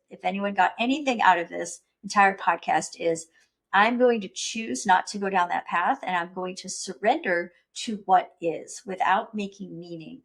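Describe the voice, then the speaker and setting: Earnest woman podcast host, reflective solo talk, mid-range voice. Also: mid-range voice. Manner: earnest, self-reflective, acts out panicked inner voice. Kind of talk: personal reflective monologue.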